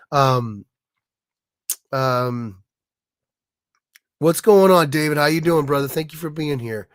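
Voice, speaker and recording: A man with a hoarse, raspy voice from being sick, chatting casually on his livestream and stumbling over restarts. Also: a little high, expressive, no room sound, studio quality. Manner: halting, many restarts and fillers. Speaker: livestream host, illustrator.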